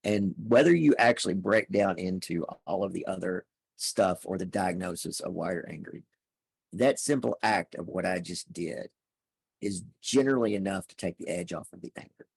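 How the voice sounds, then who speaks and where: A man's voice: sits low, moderate pace, creaky, slightly rough, no echo. A man, a podcast guest, talking through ideas step by step and often repeating words as he starts a phrase. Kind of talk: conversational explaining.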